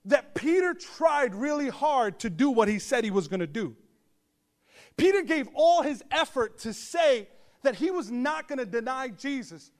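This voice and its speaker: A man pastor delivering a humorous storytelling sermon to his congregation, animated with joking asides and bursts of shouting. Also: extremely high pitch, unhurried. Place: church service before a congregation.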